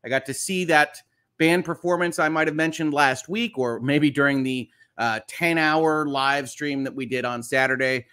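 A man's voice: on the high side, steady tone, moderate pace, pushed and bright, clean tone. Upbeat chatty man hosting. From United States. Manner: upbeat, chatty, frequent "uh" fillers. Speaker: host. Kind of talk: casual morning live stream.

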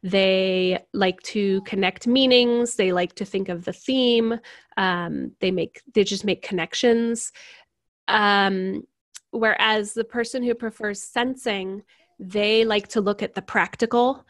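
A woman guest explaining personality types in a casual interview, animated and laughing often as she acts out examples. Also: mid-range voice, takes it slowly, no room sound, clean studio sound. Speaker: certified personality type coach, guest.

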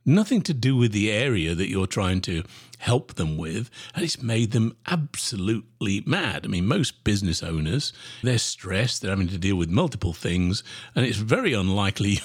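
A man hosting a podcast, giving sales advice in an animated, emphatic coaching manner with sudden pitch jumps. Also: moderate pace, husky. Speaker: sales trainer podcast host. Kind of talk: solo podcast talk.

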